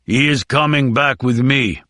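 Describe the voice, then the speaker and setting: A man's voice: medium pitch, a little slow, bright, forceful tone, no room sound, studio quality. A man voicing a huge, grieving, vengeful villager with a strained, intense voice in an audiobook. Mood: grim resolve. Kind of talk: audiobook character voice.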